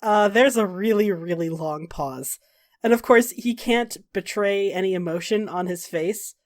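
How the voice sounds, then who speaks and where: A woman's voice: medium pitch, measured pace. Woman game master narrating, wry and dry, swears casually.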